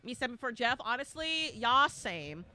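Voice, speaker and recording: Young woman streamer, live game commentary, high and bright voice, excitable with sudden shouts. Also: moderate pace, no room sound. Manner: excitable, bursts into shouting and squeals.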